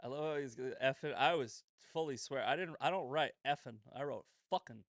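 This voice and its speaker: A man's voice: mid-range voice, fairly quick, no echo. Profane, sarcastic male show host. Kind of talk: casual commentary show.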